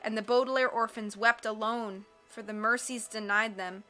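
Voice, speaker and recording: A woman reading a book aloud as scripted narration, expressive and measured. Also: fairly high pitch, soft background music. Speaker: audiobook reader.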